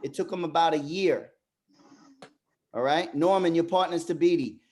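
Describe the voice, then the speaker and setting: A high-voiced man leads a fathers' workshop with emphatic, motivational delivery. He often restarts with doubled words. In the reflective stretches he goes soft and slow. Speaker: group facilitator.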